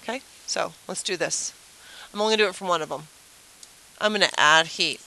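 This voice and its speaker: A woman teacher runs a casual review lesson at the whiteboard, her voice bright and clear. She keeps throwing questions at the class and explains with playful everyday comparisons. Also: on the low side, a little fast, a little hiss or hum, rough recording. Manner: chatty, asks the class rhetorical questions.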